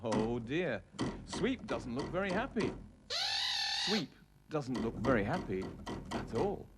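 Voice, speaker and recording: A man's voice: mid-range voice, big pitch swings, slow, loud music behind the voice. A man presenting and narrating a children's puppet show in a playful storytelling way. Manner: playful, storytelling, prone to giggling fits. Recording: hissy old tape.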